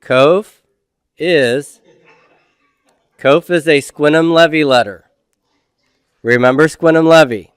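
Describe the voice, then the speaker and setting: A man's voice: fairly high pitch, slow, long pauses, smooth, dry recording. Man, middle-aged, grammar lecture, patient, questions then answers, dry close sound. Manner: patient, asks students questions then answers them himself. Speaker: Hebrew grammar teacher. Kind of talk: recorded classroom lecture.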